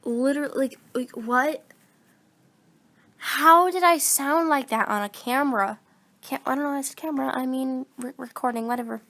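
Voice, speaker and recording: A woman's voice: high-pitched, moderate pace, fairly bright tone. A fourteen-year-old girl who is sick, rambling casually into her phone about recording voice-acting videos. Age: teens. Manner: rambling, meandering, self-deprecating. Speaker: voice actor vlogger.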